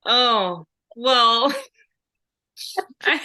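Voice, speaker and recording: A woman's voice: fairly high pitch, extremely slow, sharp tone. A woman co-hosting a podcast in casual chat, giggly, playful and self-deprecating. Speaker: podcast co-host.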